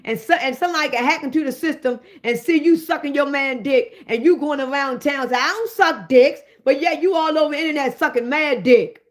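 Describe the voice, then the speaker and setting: A woman in a comedic rant, swearing freely and calling out to her listeners. Her voice sits high, and her delivery is animated. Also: a little fast. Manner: profane, animated, addressing listeners directly. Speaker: host.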